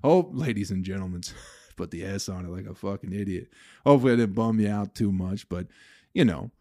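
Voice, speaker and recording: A man's voice: on the low side, a little fast, mellow, dry recording, clean studio sound. Profane, venting male comedian host. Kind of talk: casual solo podcast rant.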